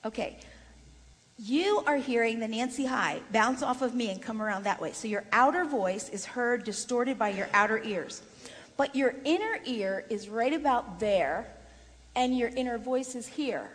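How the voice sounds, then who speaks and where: A woman leading a voice workshop for singers in a chatty, lively way with frequent laughter. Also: fairly high pitch, normal speed. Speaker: vocal coach. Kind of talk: voice workshop lesson. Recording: long reverb in a large room.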